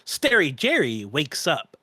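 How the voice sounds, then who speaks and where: A player narrates a silly improvised tale in a playful storybook tone. The voice is bright and swings widely, and the recording sounds dry and close. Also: medium pitch, huge pitch swings, slow pace, slightly rough, no room sound.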